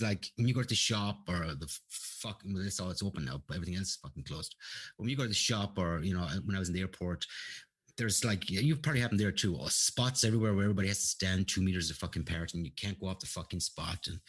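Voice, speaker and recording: A man, telling stories at length and swearing freely. His voice sits low and sounds husky and a little breathy. He talks like he is chatting with friends. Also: animated, fast talker, a bit bright. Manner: profane, ranting storyteller. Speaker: guest. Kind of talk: casual chat.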